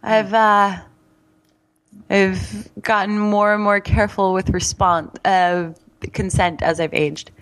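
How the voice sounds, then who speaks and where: A woman guest in a candid, casual conversation, frank and quick-witted with laughing asides. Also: medium pitch, flat delivery, a bit bright. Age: adult.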